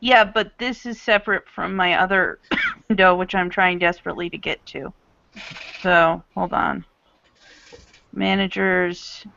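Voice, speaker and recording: Woman, game master, gravelly, bright, dry lo-fi voice chat. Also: fairly low pitch, fairly even intonation, a little slow, pauses often, slight background noise. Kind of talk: casual game narration.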